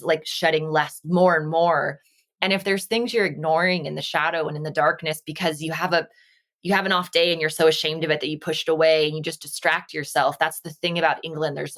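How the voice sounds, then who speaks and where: A woman's voice: deep voice, fairly even intonation, brisk, fairly bright tone. A woman from Las Vegas, a podcast guest and energy healer, talking reflectively and earnestly in casual conversation over a video call. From Las Vegas, United States. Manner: reflective, earnest, acts out quoted dialogue.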